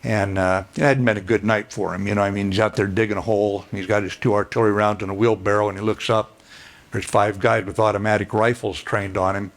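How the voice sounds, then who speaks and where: An older man giving a plainspoken, folksy storytelling speech as guest speaker, clearing his throat now and then. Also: fairly low pitch. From United States.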